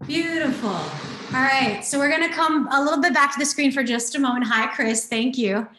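A woman dance instructor leading a guided movement exercise over a video class, narrating slowly step by step with coaching asides. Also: high-pitched, slight background noise. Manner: slow guiding narration in first person, warm coaching asides. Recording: very echoey room.

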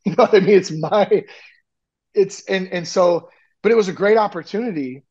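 A chatty recovery coach, nearly ten years sober, talks candidly as a podcast guest in a high, husky, raised but muffled voice at a moderate pace. He rambles, says "like" and "you know" often, and retells stories animatedly.

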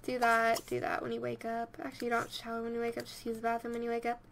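A woman's voice: a little high, monotone, rapid-fire, creaky, fairly bright tone, a little hiss or hum. A young woman giving rambling, casual commentary over her video game and talking to her characters. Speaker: let's play host.

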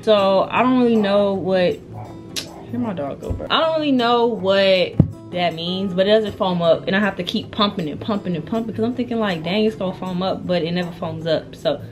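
A woman's voice: medium pitch, moderate pace. Chatty young woman vlogging, music underneath. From United States. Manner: chatty, slangy, self-interrupting. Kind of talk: casual vlog chat. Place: at home. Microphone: camera or phone mic. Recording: music playing behind.

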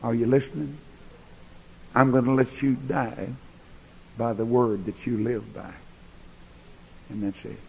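A man preaching a sermon in a large church, folksy, swinging between loud bursts and quiet asides. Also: medium pitch, steady tone, a little slow, vocal fry, long pauses. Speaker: pastor. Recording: echoey church hall recording.

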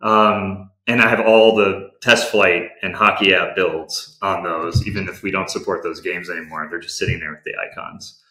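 Man, game company executive, candid, low voice, bright tone, roomy echo. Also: steady tone, normal speed, hardly any pauses. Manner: candid, practical, with frequent restarts. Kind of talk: conversational interview answers.

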